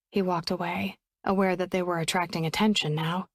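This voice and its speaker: A woman narrating a romance audiobook in a steady, even storytelling voice on a close studio mic. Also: lowish voice, fairly quick, hardly any pauses, no room sound.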